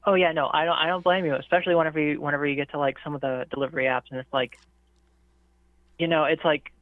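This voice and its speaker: A man's voice: a little high, fairly even intonation, fast, no echo. A man from St. Louis chatting casually, rambling with lots of fillers. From St. Louis, USA. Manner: rambling, filler-heavy, many "like"s. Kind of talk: casual chat. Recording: tinny phone-like call audio.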